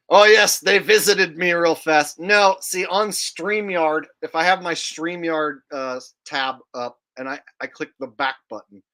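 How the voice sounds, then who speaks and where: A man's voice: a little high, takes it slowly, pushed and bright. A man hosting a casual livestream, joking and rambling while reading chat aloud. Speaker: livestream host.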